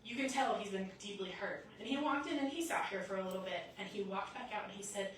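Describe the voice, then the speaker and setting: A woman's voice: medium pitch, fast talker, few pauses. A woman preaches to her congregation and acts out the people in her stories as she goes. Her voice rings through a very echoey church and is picked up from a distance, with light noise behind her. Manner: lively storytelling, acts out quotes. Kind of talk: sermon. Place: church sanctuary.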